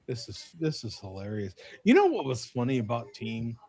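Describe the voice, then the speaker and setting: A man hosting a casual chat on a video call, rambling and laughing as he talks. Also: slightly rough. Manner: rambling, laughing, lively pitch swings. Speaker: host.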